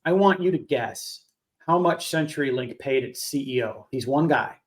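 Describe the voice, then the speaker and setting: A man's voice: medium pitch, animated, moderate pace. A man co-hosting a casual podcast chat, complaining and hammering his points again and again. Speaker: podcast co-host.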